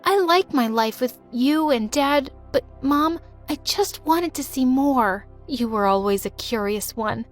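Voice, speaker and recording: A woman's voice: high-pitched, lively intonation, unhurried, few pauses, faint music behind. A woman narrating a first-person storytime in a dramatic, emotional way and voicing the other people in it.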